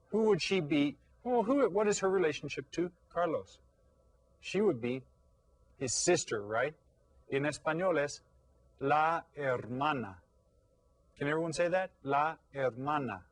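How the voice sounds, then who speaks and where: A man teaching a recorded lesson for young children, patient and full of questions, saying each Spanish word slowly. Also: medium pitch, no echo, rough recording.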